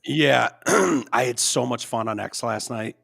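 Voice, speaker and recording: Man, podcast host, gravelly voice, halting, throat-clearing, dry sound. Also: medium pitch, fairly even intonation, fairly bright tone, no echo. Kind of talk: casual chat.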